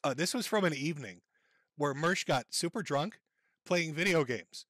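A man's voice: on the high side, animated, moderate pace, a bit bright. A man hosting a stream, mocking and ridiculing the person in the clips he plays. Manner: sneering, ridiculing, laughs at clips.

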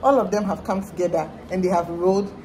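Brief: young woman, lively vlog chat, faint noise behind. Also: mid-range voice, fast. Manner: animated, exclaiming, mock-exasperated. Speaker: vlogger. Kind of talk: casual chat.

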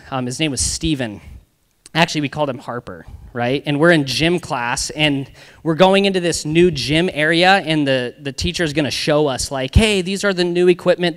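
A man's voice: fairly high pitch, a bit bright. A young man giving a youth group sermon as youth pastor, talking casually with slangy asides. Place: church hall. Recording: long reverb of a church hall.

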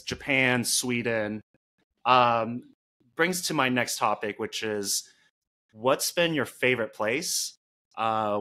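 Bright-voiced young male podcast host. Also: mid-range voice. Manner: relaxed, laughs between thoughts, many fillers. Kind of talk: casual chat.

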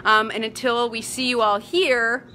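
Cooking in the kitchen of a retreat center, this woman talks to a handheld camera or phone in a chatty, bubbly, playful way, slipping in sing-song asides. Her slightly high voice is unhurried, pushed and bright, with fairly even intonation. Soft music plays beneath a noisy ambient background.

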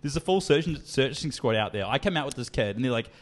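Young male podcast co-host; rapid, profane, casual storyteller. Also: medium pitch, lively intonation, a little hiss or hum. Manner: rapid, sweary, full of "like" fillers.

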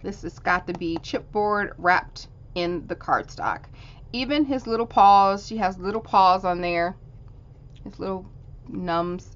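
A woman's voice: mid-range voice, a bit bright. Gushing woman showing off craft goodies. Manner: gushing, exclaims and swoops up in delight. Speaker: crafting channel host unboxing a card swap. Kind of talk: casual show-and-tell. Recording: dull lo-fi sound with faint hiss.

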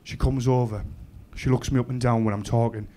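A man's voice: medium pitch, fairly even intonation, brisk, warm tone. A young man from Middlesbrough with a Teesside accent, doing a rowdy, sweary stand-up set that keeps checking in with the crowd. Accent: Teesside English. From Middlesbrough, England. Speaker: stand-up comedian. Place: comedy club stage.

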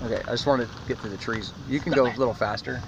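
A man's voice: medium pitch, very fast, vocal fry. A man casually narrating while riding in a car, rambling as he points things out and gives the driver directions. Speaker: vlogger showing his land. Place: inside a moving car. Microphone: handheld phone camera. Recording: distant muffled voice under loud wind and road noise.

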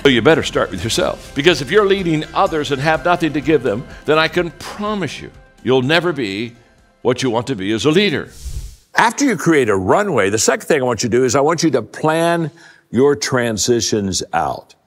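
An older man in a mid-range voice gives a folksy keynote talk, telling stories with plenty of stammered restarts. He sinks his voice low to hammer home key points. The sound carries a long reverb from a large event hall. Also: big pitch swings, moderate pace, soft background music. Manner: folksy storyteller, many stammered restarts, drops low for emphasis. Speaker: leadership speaker. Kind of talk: conversational keynote talk to a live audience.

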